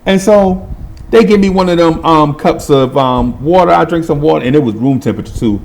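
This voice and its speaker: A middle-aged man telling a comic story in lively, colloquial speech, laughing and acting out the people in it. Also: fairly high pitch, a little fast, gravelly. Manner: animated, laughing, acts out voices, colloquial. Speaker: podcast host.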